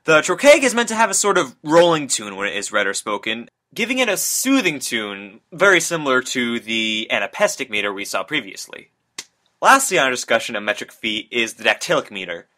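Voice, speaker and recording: A man's voice: medium pitch, sing-song, brisk, bright, forceful tone. A young man, a student, reading a prepared class presentation that explains a topic. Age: young adult. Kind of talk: read school presentation.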